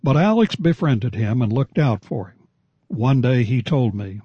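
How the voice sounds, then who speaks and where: Older man preaching, husky and measured. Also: medium pitch, very animated, no echo, lo-fi sound. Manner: measured, deliberate delivery with slowed emphasis. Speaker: radio preacher. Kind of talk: sermon.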